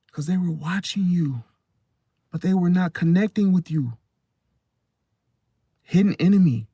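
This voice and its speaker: A man with a somewhat high voice talks straight to his viewers in an emphatic, casual monologue. He keeps circling back to the same phrases and checking in with "See?" The sound is dry and close, with no room around it. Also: lively intonation, a little slow, long pauses, mellow, slightly rough, dry recording. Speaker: astrology channel host.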